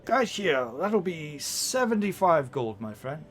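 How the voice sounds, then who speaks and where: A man's voice: on the high side, sing-song, measured pace, a bit bright, soft background music, voice pushed up. A man voicing a courteous older male spell merchant with a polite, fawning manner. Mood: hurried politeness. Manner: polite, fawning, calls everyone "my friend".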